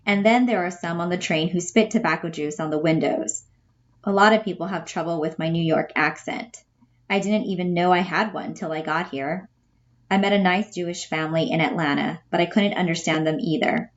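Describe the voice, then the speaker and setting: A woman reading a letter from a traveling middle-aged father, gentle and wry, on a dull lo-fi recording. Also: on the low side, brisk, lightly acted. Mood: wistful. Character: worried middle-aged father writing home.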